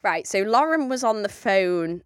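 A woman's voice: mid-range voice, animated, unhurried, dry recording, clean studio sound. Chatty young woman podcaster. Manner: chatty anecdote telling with laughs. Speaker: podcast co-host. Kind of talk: casual chat.

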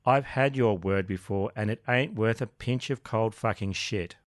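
A man's voice: lowish voice, moderate pace, no echo, studio quality, natural voice. A man voicing a profane, threatening young male thug in a true crime podcast retelling. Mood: menacing.

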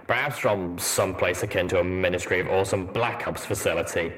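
A man voicing a skeptical male pony soldier in armor, speaking in a deep rumbling voice with a dry, measured deadpan.

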